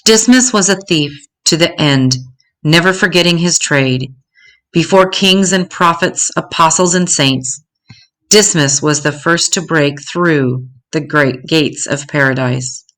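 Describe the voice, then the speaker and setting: An older woman reading a story aloud in a gentle, measured way. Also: low voice.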